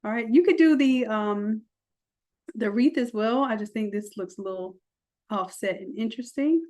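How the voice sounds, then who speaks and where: A woman walking through a software design tutorial, chatty, with folksy asides. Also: medium pitch, moderate pace. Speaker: design instructor. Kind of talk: screen-recorded software tutorial.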